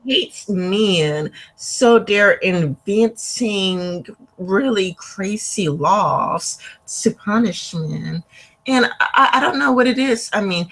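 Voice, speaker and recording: A woman's voice: medium pitch, fairly bright tone, low-quality recording. A woman in casual conversation on a video call, rambling and leaning on fillers like "like" and "um". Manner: rambling, filler-heavy with frequent likes. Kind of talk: casual online chat.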